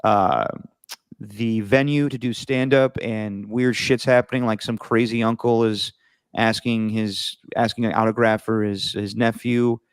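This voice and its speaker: Relaxed man reading football picks. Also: fairly low pitch, measured pace, clear, resonant tone, no room sound, clean studio sound. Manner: relaxed, reads matchups then riffs on picks. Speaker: co-host reading out games and picks. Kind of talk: casual sports picks chat. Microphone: video call.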